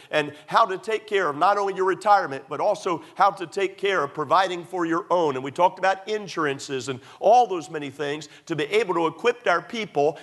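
A man's voice: a little high, a bit bright. A middle-aged man, a pastor, preaching a sermon emphatically, repeating points and using many fillers.

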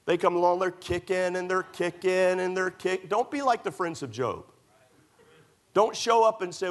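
A pastor from Maryland delivers a sermon in a church, his voice sitting a little higher than most men's. He mixes homey stories with emphatic rhetorical questions. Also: expressive, normal speed, a bit bright. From United States (Maryland). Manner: folksy storytelling preacher, rhetorical questions, emphatic.

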